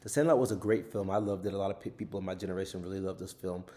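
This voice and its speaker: A man's voice: low voice, fairly even intonation, racing, mellow. A man hosting a podcast, casually giving an overview of his own book in an earnest way and often adding tag questions. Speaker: author and podcast host.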